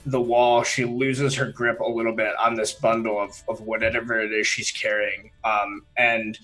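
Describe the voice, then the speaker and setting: Halting man narrating a game scene. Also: on the low side, little pitch movement, fairly bright tone, faint music behind, poor audio. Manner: halting, many fillers while describing scenes. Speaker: player. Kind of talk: narrating and voicing characters in a tabletop game.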